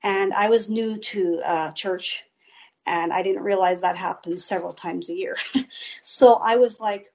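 A woman's voice: mid-range voice, gravelly, a little mellow, muffled recording. A woman guest earnestly telling a personal faith testimony in an interview. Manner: slow, earnest storytelling.

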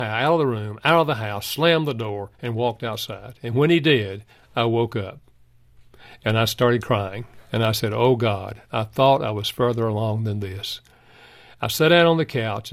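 A man's voice: medium pitch, no room sound. An older man, a guest counselor in a Christian radio interview, telling stories in an earnest way. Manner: earnest storytelling.

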